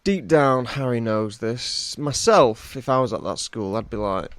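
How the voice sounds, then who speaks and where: A man's voice: mid-range voice, moderate pace. A man co-hosting a podcast in wry, playful chat. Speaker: podcast co-host. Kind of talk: casual chat.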